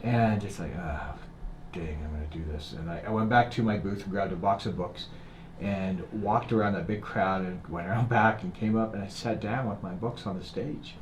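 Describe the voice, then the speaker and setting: A man's voice: fairly low pitch, moderate pace. A middle-aged man, a guest author, telling a story in conversation and acting out the people in it. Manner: animated storyteller acting out dialogue. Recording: echoey room, faint ambient noise.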